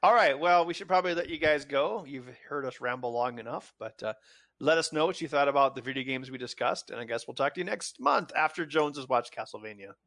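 Bright-voiced man hosting a podcast. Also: mid-range voice, animated, brisk, no room sound. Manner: jokey, steering the talk. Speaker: podcast host. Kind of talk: casual chat.

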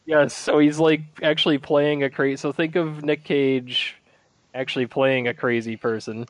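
A man's voice: mid-range voice, little pitch movement, moderate pace, dry recording. Casual rambling man, dry sound. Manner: rambling, filler-heavy, laughs while telling stories. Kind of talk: casual chat.

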